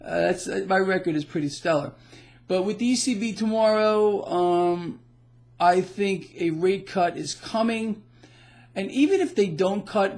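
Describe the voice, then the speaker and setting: Emphatic man with a fairly high voice. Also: darkish tone. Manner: emphatic, boastful, laughs at the news. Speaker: financial blogger. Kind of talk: casual market commentary.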